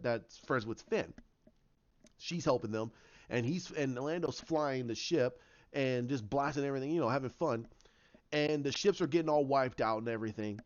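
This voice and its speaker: A man casually retelling his own story idea, rambling with many restarts and acting out the quotes in a lower voice. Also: darkish tone. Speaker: fan commentator. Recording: dull lo-fi sound.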